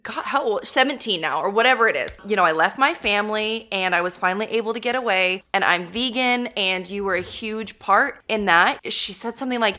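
Guest: young American woman, emotional and earnest, bright tone. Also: medium pitch, brisk, hardly any pauses. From United States. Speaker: podcast guest. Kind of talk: casual interview chat.

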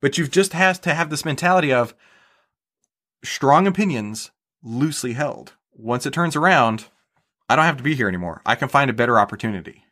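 A man's voice: medium pitch, animated, fast, bright, forceful tone. Chatty man explaining his trading. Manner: explanatory, repeats words, says "right?" often. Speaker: guest, stock trader. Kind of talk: casual podcast interview.

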